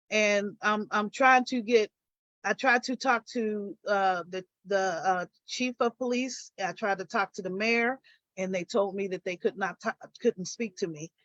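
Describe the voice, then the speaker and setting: A woman's voice: fairly high pitch, no room sound. Older woman telling her story, dull dry audio. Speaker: guest. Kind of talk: recounting her story in a live interview.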